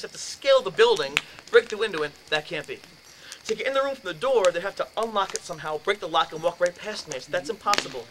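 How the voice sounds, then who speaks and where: Man, lecture storyteller, lively, acts out voices, slightly high voice, noisy background. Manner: animated storyteller acting out dialogue. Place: lecture room.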